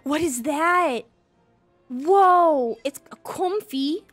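A woman with a high voice gives let's-play commentary in an unhurried way. She gushes and squeals over cute creatures and tosses in silly jokes, with game music playing faintly under her. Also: expressive. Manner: silly joking asides. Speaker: gaming streamer.

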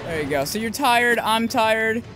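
A man's voice: expressive, measured pace, a little hiss or hum. Yelping, swearing gamer man. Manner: swears often, swings from low grumbling to high yelps. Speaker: gameplay commentator. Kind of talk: let's-play commentary. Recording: game music loud behind voice.

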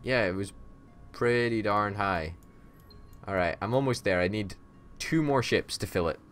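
A man's voice: on the low side, unhurried, a bit bright, soft background music. A man hosting a gaming channel, chatting casually and wryly as he plays, often laughing and grumbling. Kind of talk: casual gameplay chat.

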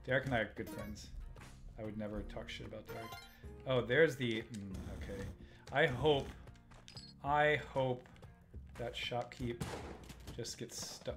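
A man hosting a live stream, giving casual gameplay commentary, muttering to himself and chatting with viewers as he plays. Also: medium pitch.

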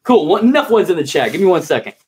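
A man's voice: high-pitched, very animated, fast talker, darkish tone, husky. A man streaming live, chatting casually with his viewers. He is laid-back and slangy, calls everyone bro and dude, and turns nervous and coaxing while he handles a big snake.

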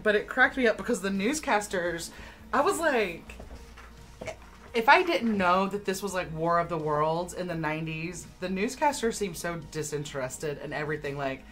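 Woman player at a game table; chatty, filler-heavy storyteller, low register. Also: a bit bright. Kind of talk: casual chat.

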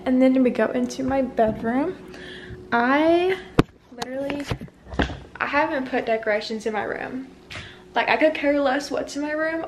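Young woman rambling thru her apartment tour on her phone, kinda breathless, a bit high pitched. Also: slight background noise. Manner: chatty and bubbly, rambling asides. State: slightly out of breath. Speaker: vlogger. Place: small apartment indoors.

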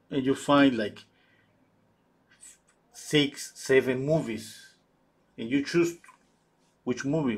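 Male painter, husky voice, halting live-stream chatter with many restarts. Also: medium pitch. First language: Spanish. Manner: halting, searches for English words, many restarts. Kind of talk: casual chat while painting live.

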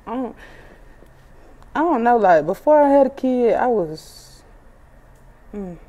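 In a muffled recording, this twenty-five-year-old female rapper talks casually in an interview, profane and blunt, laughing as she tells stories. She speaks slowly in a fairly high, sing-song, warm voice.

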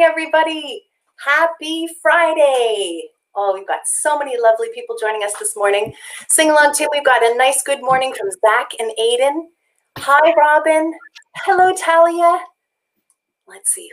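A woman's voice: high-pitched, rough recording. A woman co-hosting a children's show, cheerfully greeting viewers by name. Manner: bright, friendly, reads out names.

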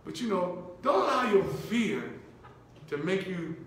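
A man's voice: sits high, sing-song, measured pace, a bit bright, slight background noise. A man preaching a sermon as bishop, repeating short commands and checking in with the congregation in call-and-response. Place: church sanctuary. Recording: very echoey church room.

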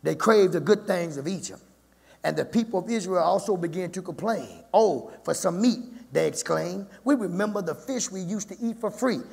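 A male pastor preaching a sermon whose talk climbs to loud shouts, recorded in a church sanctuary. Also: sits high, expressive, moderate pace, gravelly, slightly rough, long reverb tail.

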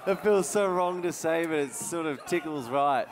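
A man's voice: a little high, moderate pace, long reverb tail. A man co-hosting a live comedy show and trading jokes on stage. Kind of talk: joking banter on stage.

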